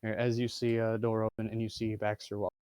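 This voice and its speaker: Game master, man, halting delivery with fillers, dry recording. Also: on the low side, completely flat delivery, darkish tone, clear, resonant tone, no room sound. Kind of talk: narrating a tabletop game.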